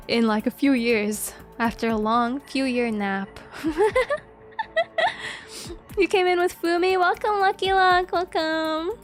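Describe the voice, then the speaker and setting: A young woman chatting casually as a streamer, giggly and excitable, swearing freely. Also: on the high side. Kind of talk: casual chat.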